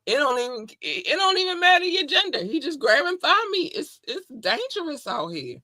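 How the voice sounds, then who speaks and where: Bubbly bright-voiced woman podcaster. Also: high voice, very animated, moderate pace, no echo. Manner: bubbly and effusive, shouting out listeners. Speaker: podcast co-host. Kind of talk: casual podcast chat.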